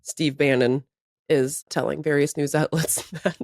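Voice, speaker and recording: A woman's voice: sits low, measured pace, no room sound. Woman co-host, casual podcast chat, laughs a lot, rambles, dry close studio sound. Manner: animated, laughing often, rambling asides.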